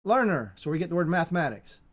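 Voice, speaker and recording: Halting, repetitive informal Bible teacher. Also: mid-range voice, sing-song. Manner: halting and repetitive, with frequent restarts and emphatic repetition.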